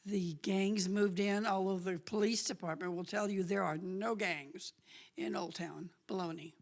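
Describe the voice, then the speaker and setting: A woman telling a lively story at a church talk, chatty and laughing often. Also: medium pitch, a little slow. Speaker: guest speaker.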